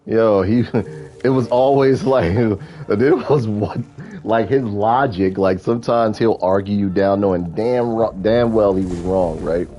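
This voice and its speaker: A man hosting a gaming video, telling stories in a casual, animated, profane way. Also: lowish voice, a little slow. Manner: animated, profane, chuckling storyteller. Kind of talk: casual storytelling during gameplay.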